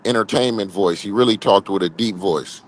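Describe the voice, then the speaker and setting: A man's voice: lowish voice, normal speed, a little hiss or hum, low-quality recording. A man, chiming in casually with laid-back questions as co-host. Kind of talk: casual chat.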